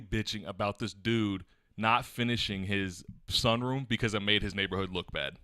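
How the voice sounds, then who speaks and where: On the low side and fairly quick, this twenty-something man's voice sounds pushed and bright in a studio-quality recording without echo. He co-hosts a podcast, chatting casually as a relaxed storyteller who laughs along the way.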